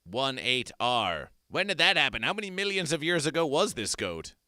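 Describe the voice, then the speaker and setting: A man's voice: medium pitch, very animated, moderate pace, sharp tone, no echo, studio quality. A man hosting an absurdist comedy stream, talking in a theatrical, repetitive, chanting way. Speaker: host.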